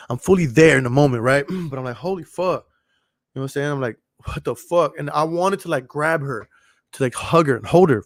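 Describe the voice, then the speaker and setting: Podcast host, male, rambling and profane, slightly high voice, dry close recording. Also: dry recording. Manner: rambling, profane, repeats himself. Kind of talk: casual storytelling monologue.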